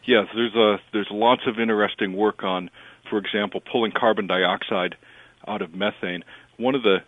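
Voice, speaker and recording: A male professor interviewed over the phone, explaining in a measured way with frequent hesitations. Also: fairly low pitch, steady tone, dry recording. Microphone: telephone. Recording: tinny phone line.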